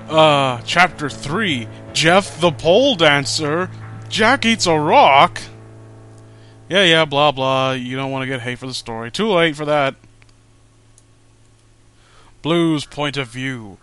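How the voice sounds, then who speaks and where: A man's voice: on the high side, slow pace, long pauses, sharp tone, soft background music. Man sarcastically reading awful fan fiction. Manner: sarcastic, stumbling over words. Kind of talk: mocking dramatic reading with asides.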